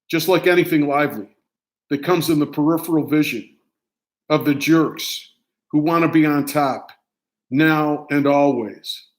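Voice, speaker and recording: Older American man, somewhat high voice, reads his own essay in clipped, deliberate phrases. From United States. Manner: measured, declamatory reading in short phrases. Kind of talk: reading a personal essay aloud.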